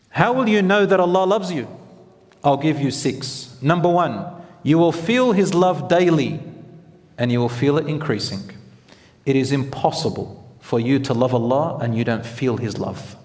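A man's voice: mid-range voice, darkish tone. A man preaching a sermon in a conversational, storytelling way, mixing Arabic phrases into his talk. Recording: echoey hall reverb.

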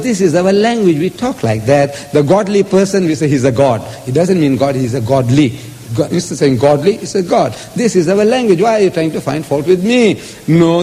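High-voiced man lecturing in a hall. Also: dark tone. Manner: emphatic, quotes scripture in shifting voices. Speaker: speaker in a religious debate. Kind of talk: lecture on scripture. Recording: hall with long reverb.

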